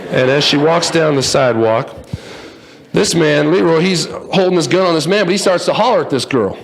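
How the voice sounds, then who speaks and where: Brief: a man as speaker telling a joking story, lively and playful. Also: on the high side, moderate pace, gravelly. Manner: playful, acts out voices, jokes with the audience. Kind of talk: humorous storytelling talk. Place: in front of a live audience.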